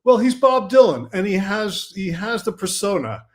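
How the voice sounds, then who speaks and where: A man from Brooklyn, a film director, telling animated anecdotes as a podcast guest. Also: high-pitched, moderate pace. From Brooklyn, New York. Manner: animated anecdotes, quotes himself and others. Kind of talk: casual storytelling.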